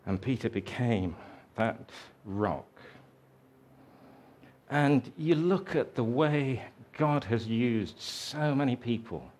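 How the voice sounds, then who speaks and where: A man preaching a sermon, telling a story slowly and reflectively, raising his voice for the quoted lines. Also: mid-range voice, lively intonation, a little mellow.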